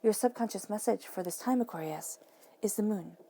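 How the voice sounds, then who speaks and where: Earnest female tarot reader, warm low tone with some fry, speaks right to the viewer. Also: a little fast, slight background noise. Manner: earnest, encouraging, talks straight to the viewer. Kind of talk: tarot reading monologue.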